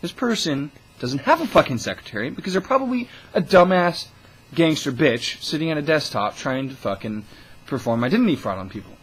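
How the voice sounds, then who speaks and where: A man's voice: mid-range voice, breathy edge, low-quality recording. A young man talking into the camera in a casual vlog, ranting with scorn and constant swearing. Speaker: vlogger.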